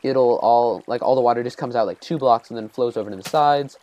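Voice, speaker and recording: A man's voice: mid-range voice, fairly quick, darkish tone, dull audio. A man giving casual let's-play commentary, rambling and self-deprecating as he thinks aloud while building. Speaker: gameplay commentator.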